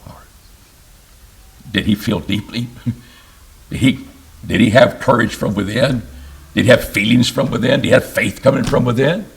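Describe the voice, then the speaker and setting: A man teaching a Bible lesson in church in a slow, emphatic way, often asking the class questions. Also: medium pitch, creaky. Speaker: preacher.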